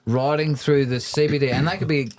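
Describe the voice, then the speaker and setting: A man's voice: medium pitch, fairly even intonation, a little fast, darkish tone, slight background noise. A man with an Australian accent hosting a casual podcast, loose and jokey as he steers the conversation. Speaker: podcast host.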